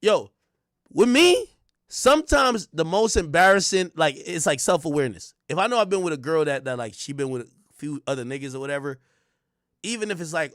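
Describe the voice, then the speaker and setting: Male streamer, casual crude commentary to chat; lively pitch, dry booth sound. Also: fairly quick, dry recording. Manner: crude, animated ranting with frequent laughs. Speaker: livestream host.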